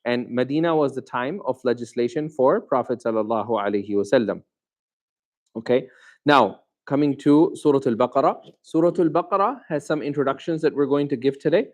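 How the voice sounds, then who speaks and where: A male teacher giving a Quran lesson in a classroom, questioning his students and repeating terms slowly. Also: medium pitch, low-quality recording. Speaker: Islamic teacher.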